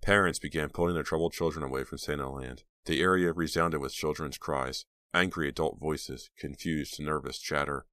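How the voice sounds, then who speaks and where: A man narrating an audiobook in a steady, measured storytelling manner. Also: rumbling low, dry recording, clean studio sound. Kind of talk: scripted narration.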